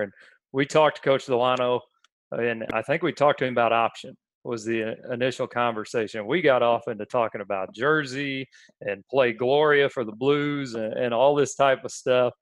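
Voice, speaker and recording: A man's voice: medium pitch, no room sound. A man co-hosting a podcast, telling stories in a casual, chatty way, often laughing. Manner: laughing, storytelling. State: under the weather. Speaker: podcast co-host. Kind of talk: casual chat.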